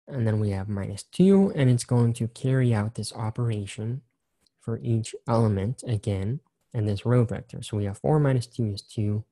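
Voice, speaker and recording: A man's voice: on the low side, moderate pace, warm tone. A man teaching an engineering programming lesson, talking casually and walking through examples step by step with some repetition. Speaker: engineering instructor. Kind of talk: recorded screen-share lecture.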